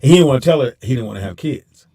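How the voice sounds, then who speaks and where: A man's voice: medium pitch, animated, very fast, warm tone, slightly rough, far from the mic. A man co-hosting a podcast, talking loosely and joking with a lot of cursing. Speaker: podcast co-host. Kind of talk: casual chat.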